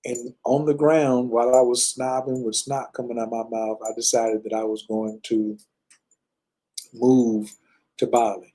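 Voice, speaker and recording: Mellow-voiced man in his fifties, storytelling. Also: mid-range voice, rough recording. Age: 50s. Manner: loose, conversational, many fillers and "you know". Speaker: personal storyteller. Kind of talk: casual personal storytelling. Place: lives in Bali.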